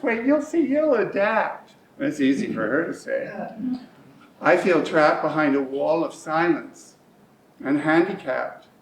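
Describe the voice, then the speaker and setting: A middle-aged man delivers a rhyming stage monologue slowly and deliberately, his voice sitting a little high for a man. The rhythm carries every line, swinging between hushed and urgent. He is recorded from a distance in an echoey community hall. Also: slight background noise. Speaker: monologue performer. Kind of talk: rhymed spoken-word monologue.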